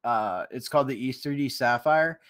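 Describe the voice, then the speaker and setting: A young man with an average-pitched voice, talking casually on a live stream. He hesitates often and restarts his sentences while he explains things. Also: moderate pace, fairly bright tone. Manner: hesitant, many fillers and restarts.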